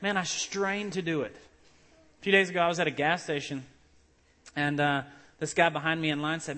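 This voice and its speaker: A man in his thirties preaching a sermon, telling animated stories and acting out voices. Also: a little high, moderate pace, long pauses. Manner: animated storytelling with laughs and acted-out voices. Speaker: pastor.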